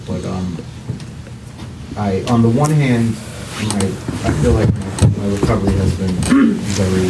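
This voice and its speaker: A man at a workshop asking a question hesitantly, with many pauses and fillers. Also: deep voice. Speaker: workshop participant. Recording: distant echoey room mic with loud noise.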